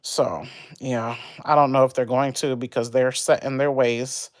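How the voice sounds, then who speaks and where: A woman's voice: rumbling low, measured pace, no echo. Brief: young woman, casual livestreamer, rambling and heated, dry close sound. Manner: rambling, animated, venting about an argument. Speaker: livestream host.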